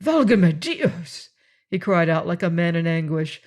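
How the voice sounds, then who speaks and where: A man's voice: on the high side, little pitch movement, fairly quick, smooth, natural voice. A man voicing a bewildered Spanish pirate captain, a prisoner who exclaims in alarm and anguish.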